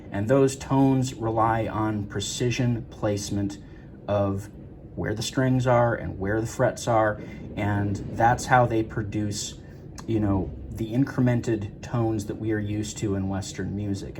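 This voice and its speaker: Man, lowish voice, casual repair-shop tech who rambles with fillers, faint shop hum behind. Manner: rambling, many fillers and restarts. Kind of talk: casual workshop explanation.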